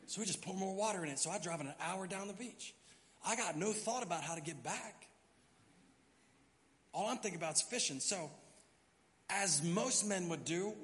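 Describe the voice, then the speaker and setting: A middle-aged man preaching from the pulpit, telling a story with lively acted-out moments. His voice is fairly high and forceful. The sound rings with the long reverb of a church hall. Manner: animated storyteller, acts out his own panicked thoughts. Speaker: pastor. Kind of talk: sermon storytelling. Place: church sanctuary.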